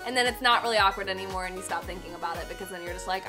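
Over background music, a young woman vlogger talks rapidly at a medium pitch, sitting on a cardboard box indoors. She chats to her camera in a giggly, self-deprecating way while telling her viewers a story.

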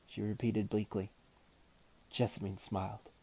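A man reading a novel aloud as narrator in a measured, unhurried manner. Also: on the low side, flat delivery, warm tone. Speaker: audiobook narrator.

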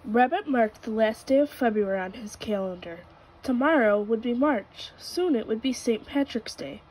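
A woman reads a children's picture book aloud, her voice sitting a little high. She tells the story gently and clearly, at an easy storytime pace. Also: moderate pace, a little hiss or hum, low-quality recording. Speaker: storybook reader.

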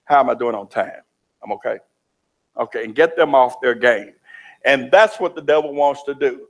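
A man preaching a sermon in a church, in a folksy, animated way. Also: medium pitch, normal speed. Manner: folksy, animated preaching with Southern turns of phrase.

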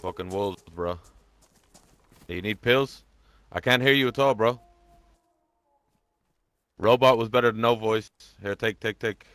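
A man talking quietly and quickly to another player in in-game voice chat, in a laid-back way. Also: on the low side, clean tone, dry recording.

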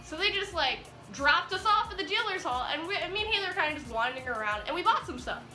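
A teenage vlogger with a high, bright, sharp voice tells an excited storytime tale, rambling giddily and stuffing her sentences with "like." She talks fast with lively intonation and barely pauses, in an echoey room with faint music in the background.

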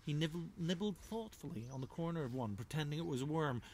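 A children's author, a man, reading his storybook aloud in a lively, rhythmic, playful way. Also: a little high, fast, noisy background. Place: home.

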